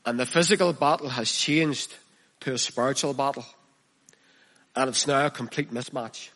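A man preaching a sermon, reading scripture aloud and expounding it with passion, his voice dropping hushed and then rising loud. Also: mid-range voice, moderate pace. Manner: impassioned, swinging from hushed to loud.

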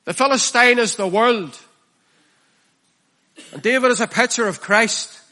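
A man preaching a sermon, reading scripture aloud and expounding it with passion, his voice dropping hushed and then rising loud. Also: very high voice, measured pace, pauses often. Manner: impassioned, swinging from hushed to loud.

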